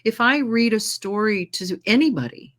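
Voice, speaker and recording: An American woman who narrates audiobooks and trained as a singer, chatting in a casual interview and telling lively stories with frequent laughter. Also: mid-range voice, normal speed. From United States. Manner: lively storyteller, laughs often; trained singer with controlled delivery.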